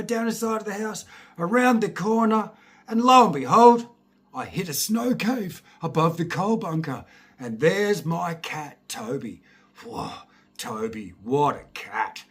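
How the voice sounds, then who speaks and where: A middle-aged Scottish man telling childhood stories in a casual, lively way, acting out voices and swearing now and then. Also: on the high side, husky. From Scotland. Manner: lively, laughing, swears, acts out voices and sounds. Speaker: storyteller. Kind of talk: casual anecdotal storytelling.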